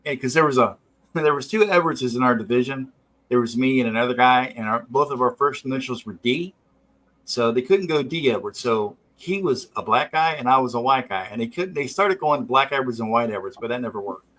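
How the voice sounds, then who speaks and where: A man hosting a drawing stream tells a rambling, animated story sprinkled with casual swearing. He speaks briskly in a mid-range voice, and the recording is rough.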